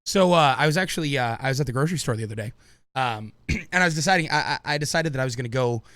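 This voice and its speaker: Fast, animated man spinning a tall tale. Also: mid-range voice, dry recording. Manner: animated, builds a tall tale with rising excitement. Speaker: podcast co-host. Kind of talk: casual comedic storytelling.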